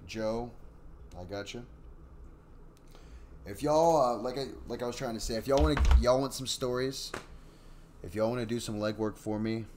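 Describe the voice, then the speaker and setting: A man's voice: fairly low pitch, darkish tone, a little hiss or hum. A man hosting a casual live stream, rambling and apologetic as he chats and reads stories. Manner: rambling and apologetic, with many fillers. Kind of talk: casual live stream chat and story reading.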